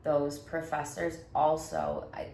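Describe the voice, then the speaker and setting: A woman's voice: sits low, very animated, slow, gravelly, dark tone. A woman who is a therapist hosting a casual chat, telling candid stories, swearing freely and laughing often. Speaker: podcast host, therapist. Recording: echoey room with faint noise.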